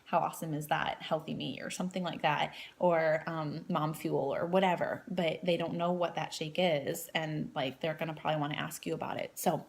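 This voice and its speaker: A woman's voice: sits low, fairly even intonation, normal speed, hardly any pauses. A woman in her thirties giving a casual training talk to new coaches, rambling with lots of fillers and restarts.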